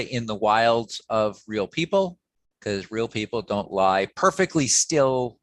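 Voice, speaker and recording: A man's voice: medium pitch, bright, forceful tone, no room sound. Man lecturing with many "okay"s. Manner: conversational, frequent "okay" and "um" fillers, self-corrections. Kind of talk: academic lecture.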